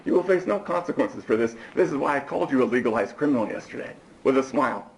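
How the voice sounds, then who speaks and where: A hoarse man in his forties, a defendant addressing the court in a heated, accusatory rant. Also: medium pitch, expressive, fast talker. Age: 40s. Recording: echoey courtroom recording.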